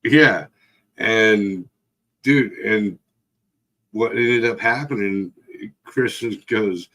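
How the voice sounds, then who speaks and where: A man's voice: fairly low pitch, drawn-out words, long pauses. A man casually telling a rowdy story, swearing constantly and jumping into other people's voices as he goes. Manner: profane, animated retelling with voiced quotes. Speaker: podcast co-host.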